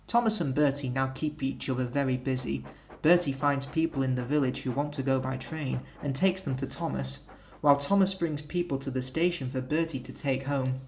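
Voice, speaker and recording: A man narrating a storybook aloud, expressive and speaking to the listener directly. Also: mid-range voice, a little fast, slight background noise. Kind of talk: storybook reading.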